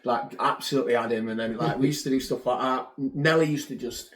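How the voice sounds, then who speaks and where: A man's voice: medium pitch, fast talker. Man telling football stories. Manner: animated anecdotes, acts out quotes. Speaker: guest, former footballer. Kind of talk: casual storytelling chat. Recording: roomy echo.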